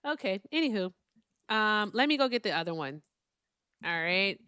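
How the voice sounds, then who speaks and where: A woman's voice: medium pitch, lively intonation, normal speed, long pauses, bright, forceful tone, clear, resonant tone, dry recording, clean studio sound. A woman hosting a live call-in debate stream, blunt and profane with callers, chatting casually with viewers between calls.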